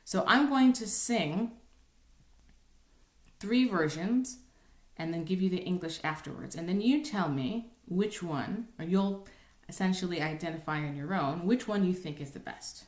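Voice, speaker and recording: A woman's voice: fairly low pitch, measured pace, darkish tone. Woman cantor teaching, echoey room. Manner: conversational, frequent ums and rhetorical "right?". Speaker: cantor teaching Torah chanting. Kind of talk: informal recorded lesson with sung examples.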